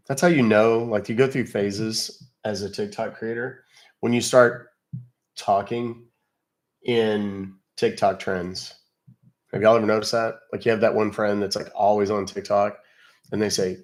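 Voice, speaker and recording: A man with a slightly low voice chats his way through a live stream, loose and unscripted. He talks in a folksy, rambling manner, dropping in "uh"s and mild old-fashioned exclamations as he goes. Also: fairly even intonation, unhurried. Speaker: live-stream host baiting scam callers. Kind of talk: casual live-stream chat.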